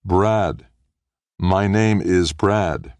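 A man voicing an earnest, soft-spoken astronaut in an audiobook. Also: sits low, extremely slow, no echo, voice pushed up. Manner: earnest, hushed. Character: man, an astronaut making first contact with aliens. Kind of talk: audiobook character voice.

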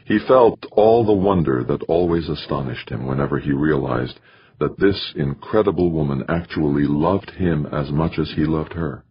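A man reading an audiobook in measured, expressive scripted narration, on a slightly muffled recording. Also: a bass voice, breathy edge, dry recording.

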